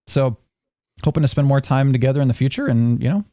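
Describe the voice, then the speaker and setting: A man hosting a podcast, chatting casually and rambling with animated storytelling. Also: medium pitch, fast, slight background noise. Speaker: podcast host. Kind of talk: casual chat.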